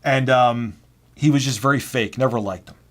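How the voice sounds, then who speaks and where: A man hosting a video and telling a personal story. His delivery is casual and animated, and he swears freely. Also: mid-range voice, moderate pace. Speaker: video host.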